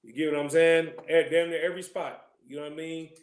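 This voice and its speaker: A man from California teaches a casual scripture class, cracking jokes in loose streetwise slang and constantly checking in with his listeners. He talks fast in a fairly high voice with fairly even intonation, in an echoey room.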